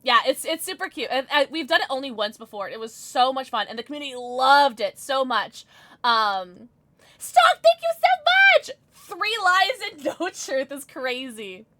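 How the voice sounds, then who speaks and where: A woman streamer chatting casually with her live audience, bubbly and giggly, rattling off quick greetings. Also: high-pitched, fairly bright tone. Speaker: Twitch streamer.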